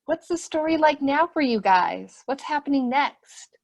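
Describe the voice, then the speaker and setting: A woman hosts a webinar for preschoolers, reading a picture book aloud over a computer mic. Her voice sits high and swoops widely as she fills each page with gasps and questions for the children. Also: animated, a little slow, creaky. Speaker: children's program host.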